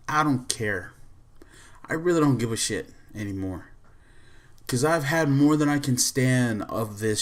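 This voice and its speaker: A man's voice: mid-range voice, fairly bright tone. A male podcast host in an angry, profane rant, repeating himself and restarting sentences as he vents. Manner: repetitive and profane, heated venting with restarts.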